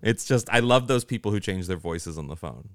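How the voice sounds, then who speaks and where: A man's voice: low voice, expressive, fairly quick, dry recording, studio quality. A man co-hosting a podcast, chatting wryly, laughing often and mimicking voices. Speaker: podcast co-host. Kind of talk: casual chat.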